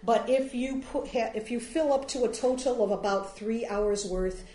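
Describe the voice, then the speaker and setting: A workshop presenter speaks casually to a small group about free online tools, wandering off topic and filling gaps with frequent fillers. She has a slightly high, dark-toned voice at a moderate pace, recorded in an echoey room with a bit of noise.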